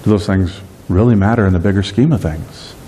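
A middle-aged man preaching a sermon as pastor, lively in delivery and slowing down to stress key phrases. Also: deep voice, a little hiss or hum. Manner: dynamic preaching, slows on key phrases, acts out everyday voices.

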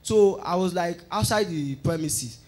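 A man giving an animated testimony at a church service, acting out the conversations he describes. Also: sits high, measured pace. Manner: excited, tells the story by acting out dialogue.

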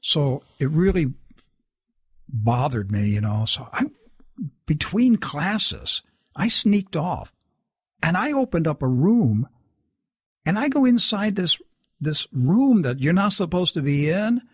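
Husky, lively-voiced man telling a story. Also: a little high, slow pace, long pauses, dry recording, clean studio sound. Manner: animated, acts out quoted dialogue. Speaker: guest storyteller. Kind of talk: casual spoken storytelling.

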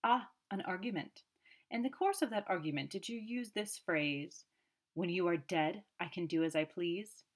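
A woman voicing a quiet but sharp, boastful male detective who probes and needles. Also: high voice, normal speed, lightly acted. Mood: pressing.

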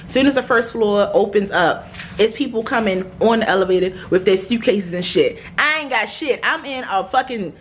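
A young woman talks straight into her phone camera for a casual vlog. She sounds animated and exasperated and swears freely. A faint background hiss runs under her voice. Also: mid-range voice, normal speed. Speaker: vlogger. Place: hotel room at night.

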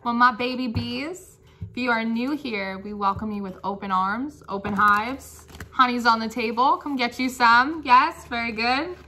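Woman tarot reader, bright forceful voice, a bit high, chatty, playful, laughing. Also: a little slow. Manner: playful, chatty, laughs often, sings snippets. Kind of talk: casual tarot reading monologue.

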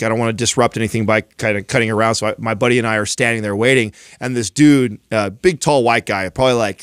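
Smooth-voiced man telling a rambling story. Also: medium pitch, fairly bright tone, no room sound, studio quality. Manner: rambling storyteller with many restarts and fillers. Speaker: podcast co-host. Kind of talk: casual chat.

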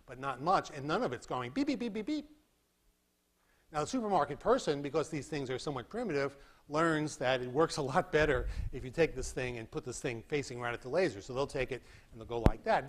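A man giving a university physics lecture in a hall, animated and demonstrating with sound effects. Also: a little high. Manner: animated, acts out beeping sounds and demonstrates with props. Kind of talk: classroom lecture.

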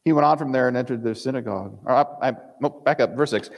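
A man's voice: medium pitch, quick pace, gravelly, big-room sound. A male pastor giving a sermon, reading scripture aloud and acting out the characters' lines in dramatic voices.

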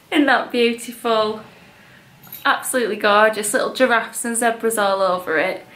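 A woman's voice: a little high, fairly even intonation, normal speed, fairly bright tone, echoey room, a little hiss or hum. A young woman, chatting casually and gushingly as a vlogger about baby clothes she bought. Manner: chatty, gushing, many likes and ums. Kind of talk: casual haul chat.

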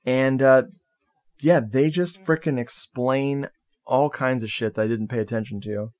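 A man's voice: medium pitch, measured pace, darkish tone. A man co-hosting a casual podcast film review. He talks loosely, swears casually and laughs a lot. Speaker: podcast co-host.

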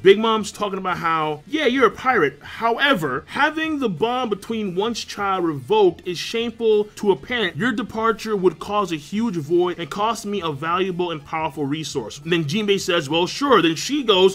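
A young man hosting a live manga reaction, reading panels aloud and reacting with crude jokes and loud exclamations. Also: high-pitched, lively intonation, normal speed, few pauses, faint music behind.

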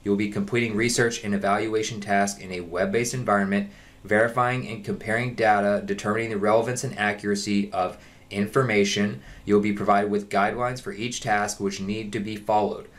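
Casting: man, fairly low voice, casual vlog host walking through a job posting. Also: fairly even intonation, a little fast. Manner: reads job listing aloud, then explains it. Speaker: online jobs vlogger. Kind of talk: casual screen-share walkthrough.

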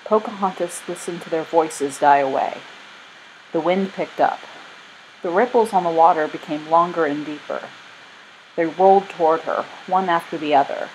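A woman narrating a children's storybook in a gentle, steady reading voice. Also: fairly low pitch, moderate pace, highs cut off, slight background noise. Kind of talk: storybook read-aloud.

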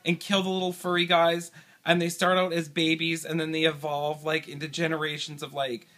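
A man's voice: fairly high pitch, monotone, fairly quick, fairly bright tone. A man answering a quiz on a home video, rambling, flustered and swearing a lot, recorded on a camera held by his partner.

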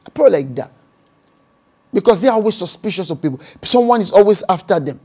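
A man's voice: sits high, expressive, a little fast, a little mellow, slightly rough. A man with a Nigerian accent, a pastor preaching a sermon and acting out voices and speaking in tongues.

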